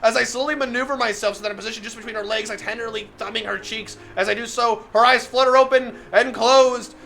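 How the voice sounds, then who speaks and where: A man's voice: very high-pitched, steady tone, quick pace, creaky, pushed and bright, faint music behind. A man on a live stream reading a visual novel aloud, getting flustered, laughing often and breaking off to comment to his chat.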